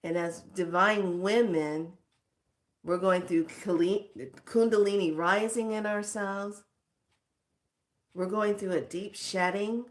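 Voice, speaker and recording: Frank, expressive middle-aged woman. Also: mid-range voice, slow. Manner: frank and expressive, laughs often. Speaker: spiritual teacher. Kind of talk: casual spiritual pep talk.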